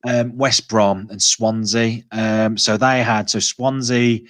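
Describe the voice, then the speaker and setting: Man, low voice, football podcast host, hesitant casual chat, dry close sound. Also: level tone, slow pace, fairly bright tone, no echo. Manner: hesitant, lots of filler and restarts.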